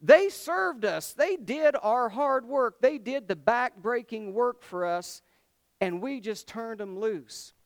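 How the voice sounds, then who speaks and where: A preacher doing indignant royal servants. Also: male voice, very high-pitched, animated, slow, creaky, no echo, studio quality, pitched above the performer's own voice, exaggerated voice. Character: resentful servants of an ancient king, men.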